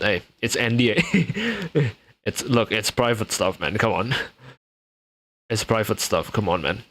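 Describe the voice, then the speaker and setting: A man's voice: lowish voice, expressive, slow pace, fairly bright tone. Laid-back young man streaming. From Indonesia. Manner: laughs often, restarts, mixes English with Indonesian. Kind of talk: casual live-stream chat.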